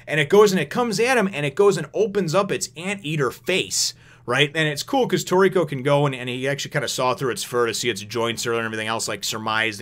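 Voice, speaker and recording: Fast-rambling animated male reviewer. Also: medium pitch. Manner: rambling, animated, swears and laughs often. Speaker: manga reviewer. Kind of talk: casual video review.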